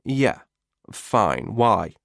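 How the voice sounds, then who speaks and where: A man's voice: on the low side, very animated, drawn-out words, gravelly, no echo, clean studio sound, full character voice. A man doing a curt, wary teenage girl.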